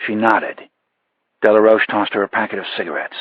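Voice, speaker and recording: Husky male thriller narrator. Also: lowish voice, fairly even intonation, brisk, no room sound, narrow, tinny audio. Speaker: audiobook narrator. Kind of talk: scripted narration.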